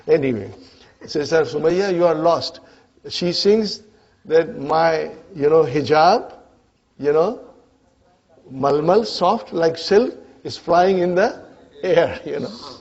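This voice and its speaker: A man's voice: a little high, lively intonation, takes it slowly, long pauses, darkish tone. Man teaching grammar in a classroom. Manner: checks in with students, frequent "huh?". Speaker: Arabic teacher. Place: classroom with students. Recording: dull lo-fi lecture recording.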